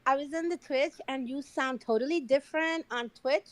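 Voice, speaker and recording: A woman joining a casual live chat, bubbly and playful, teasing the others warmly. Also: high voice, moderate pace, a crowd in the background. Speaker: listener invited to speak in a chat room.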